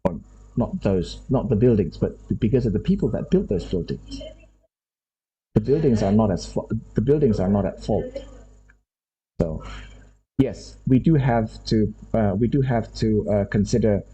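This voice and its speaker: A university lecturer from Indonesia talks a class through his point in English. His voice is very husky and deep-toned, with a rather low pitch. He works through ideas aloud, often repeating himself. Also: lively intonation, warm tone, low-quality recording. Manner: unhurried, thinks aloud, often repeats phrases.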